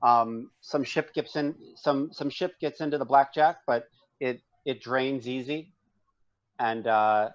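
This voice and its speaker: A man runs a tabletop game, narrating scenes in a halting, searching way. His voice sits at an ordinary pitch. The recording sounds a little dull and lo-fi. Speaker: game master.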